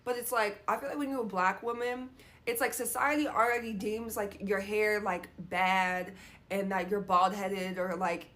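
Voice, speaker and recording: A woman's voice: mid-range voice, fairly even intonation, normal speed, fairly bright tone. A young woman venting in a casual monologue, frustrated, swearing often and filling her talk with "like". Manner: frustrated, frequent "like" fillers and swearing. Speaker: vlogger.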